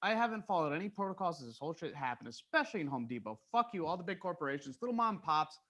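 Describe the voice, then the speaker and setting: A man's voice: fairly high pitch, sing-song, rapid-fire, a bit bright. A young man co-hosting a podcast in a studio, ranting bluntly with plenty of swearing in casual banter. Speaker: podcast co-host.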